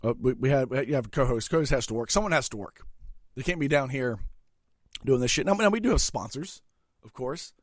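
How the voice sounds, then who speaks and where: A middle-aged man hosting a podcast alone, ranting crudely and profanely with sudden loud outbursts while eating. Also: medium pitch, animated, brisk, dry recording, clean studio sound. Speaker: podcast host. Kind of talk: solo comedic rant.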